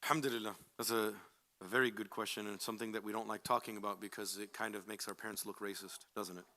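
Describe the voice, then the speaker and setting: A man, addressed as Sheikh, giving casual, animated advice to a young audience, acting out quoted people with jokes. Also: lowish voice, fast talker. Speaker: Islamic speaker answering questions.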